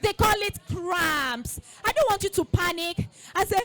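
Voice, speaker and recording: A woman speaks to children in a very high, lively voice, drawing her words out slowly. She gets the girls to repeat lines after her and to clap. Faint music plays behind her at the event. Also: a faint crowd. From Nigeria. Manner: animated, call-and-response, coaxing children to repeat. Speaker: school founder speaking to girls. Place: festival event space.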